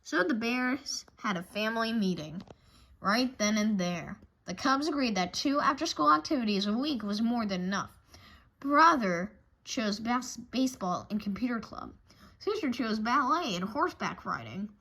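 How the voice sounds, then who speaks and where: A woman reading a children's storybook aloud, animated and expressive, with a few small slips. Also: fairly high pitch, moderate pace, poor audio. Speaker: narrator.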